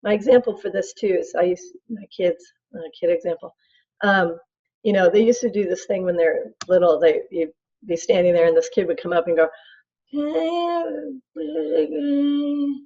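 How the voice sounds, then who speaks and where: A woman's voice: on the low side, fairly even intonation, a little fast, mellow, breathy edge, muffled recording. A middle-aged woman instructor giving a casual, chatty recorded lecture and acting out her examples.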